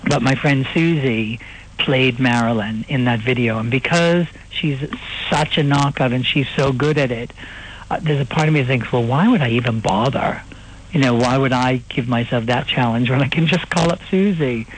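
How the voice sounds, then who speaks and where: A man guesting on a radio interview, playful and quick with joking asides. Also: medium pitch, slight background noise, poor audio.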